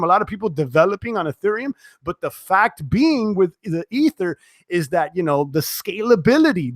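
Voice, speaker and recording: A man's voice: high-pitched, fairly bright tone, dry recording, studio quality. A young man hosting a live stream, chatting casually and reading out viewer comments, with many fillers and restarts as he tires. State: sweating, tiring. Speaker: crypto live-stream host.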